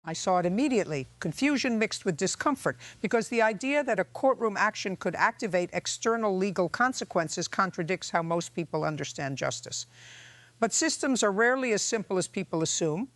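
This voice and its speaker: Woman narrator in a judge's role, measured and reflective, with a dry, close sound. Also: medium pitch, lively intonation, no room sound. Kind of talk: scripted narration.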